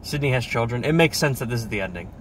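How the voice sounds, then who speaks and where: A young man reviewing a film in casual chat from his car, excitable and swearing as he acts out scenes. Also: mid-range voice, quick pace, noisy background. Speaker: movie reviewer. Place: parked car.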